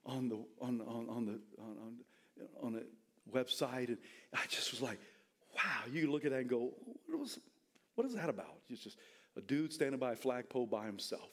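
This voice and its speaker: A male pastor preaching a sermon, bursting into shouted, soaring lines and dropping back into chatty storytelling. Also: fairly even intonation, a little fast. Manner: fiery preaching that swings into shouted high bursts, then drops to storytelling; casual, chatty retelling with restarts.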